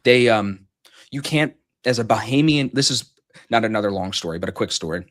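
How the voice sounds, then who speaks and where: A man's voice: fairly low pitch, fairly quick. A man telling a long gambling story in casual chat, swearing freely and acting out what people said. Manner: animated, profane storytelling, acts out quotes loudly. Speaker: podcast host telling a story.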